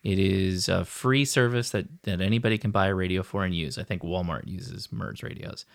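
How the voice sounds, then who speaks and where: A man's voice: low-pitched, moderate pace, creaky. A man co-hosting a podcast, chatting casually in a rambling, joking, self-deprecating way. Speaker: podcast co-host. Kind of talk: casual chat.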